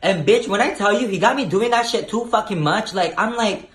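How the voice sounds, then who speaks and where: Brief: young male vlogger, brash and cussing, a bit high-pitched, roomy echo. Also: a little fast, hardly any pauses, a bit bright. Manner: brash, profane, sassy storytelling. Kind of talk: storytime vlog.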